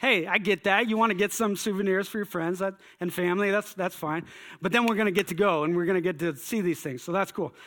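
A man telling a personal story in an animated way, acting out his own thoughts with exclamations. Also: high-pitched, quick pace.

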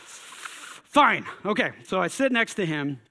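A man telling a personal story in an animated way, acting out his own thoughts with exclamations. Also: sits high, normal speed.

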